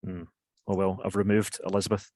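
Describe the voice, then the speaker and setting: A man hosting an online question session, halting and apologetic with many fillers. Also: sits low, monotone, darkish tone, dry recording. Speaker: event host. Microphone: video call.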